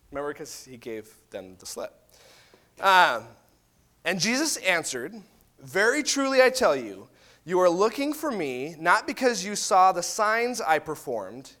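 A man giving a casual, chatty Bible talk, retelling the story and acting out the people's voices. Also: high-pitched. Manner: animated, chatty, acts out voices.

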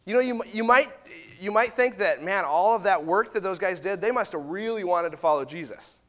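A man's voice: high voice, moderate pace. A man giving a casual, chatty Bible talk, retelling the story and acting out the people's voices. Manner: animated, chatty, acts out voices.

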